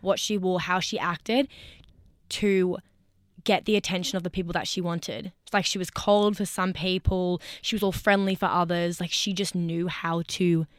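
Chatty woman with a smooth voice. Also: lowish voice, steady tone, no echo, studio quality. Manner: chatty, bubbly, quick asides with laughs. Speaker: podcast co-host. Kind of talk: casual chat.

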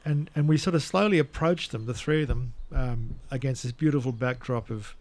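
A man's voice: mid-range voice, brisk, darkish tone. A man hosting a casual radio chat, playful and jokey, with bursts of mock outrage. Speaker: radio host.

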